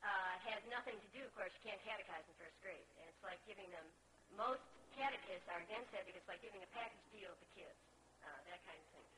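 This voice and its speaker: A woman speaking at a conference on religious education, answering questions in an earnest, measured, lecture-like way. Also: mid-range voice, background noise. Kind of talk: formal conference talk and answers.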